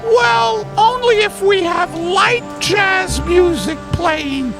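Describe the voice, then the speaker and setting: A man voicing a middle-aged wife who nags her husband in a high, whiny voice. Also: lively intonation, takes it slowly, vocal fry, over loud music, heavily acted.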